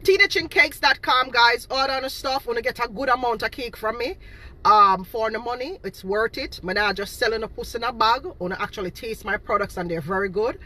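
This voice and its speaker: A woman's voice: on the high side, brisk, bright, forceful tone, poor audio. A woman, ranting to camera about her cake business and her critics with indignant, repetitive emphasis. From Boston, Massachusetts. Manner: indignant, emphatic, repeats herself. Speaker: home cake seller. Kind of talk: direct-to-camera rant.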